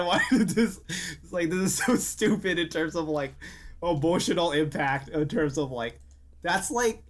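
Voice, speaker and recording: A man's voice: on the high side, moderate pace, a bit bright. A man co-hosting a casual podcast, ranting animatedly with frequent swearing and exasperated outbursts. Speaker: podcast co-host. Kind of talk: casual chat.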